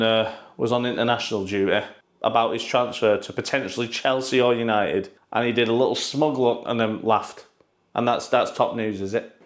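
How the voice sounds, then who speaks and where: A man giving casual, sarcastic football news commentary, full of swearing and mocking asides. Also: mid-range voice.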